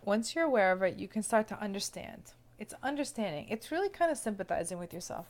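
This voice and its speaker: Woman coach, mid pitch, gentle, explains stuff step by step, keeps asking okay?. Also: sing-song, quick pace, few pauses. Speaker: self-love coach. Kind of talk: casual teaching to camera.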